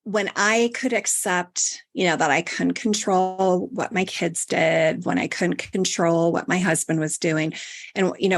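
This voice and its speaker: A woman hosting a podcast interview, reflective and chatty, talking about acceptance with loose fillers. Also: fairly low pitch. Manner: reflective, spiritual, uses fillers. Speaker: podcast host. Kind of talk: casual interview chat.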